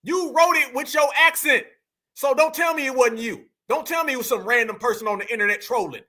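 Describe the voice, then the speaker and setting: High, bright-voiced fired-up male commentator. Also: brisk. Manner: emphatic, preachy, addresses viewers as family. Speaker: online commentary host.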